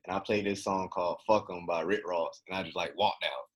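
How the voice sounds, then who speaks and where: A man's voice: low voice, a little fast, few pauses, husky. A young man co-hosting a casual podcast, telling a story with lots of swearing and acted-out quotes. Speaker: podcast co-host.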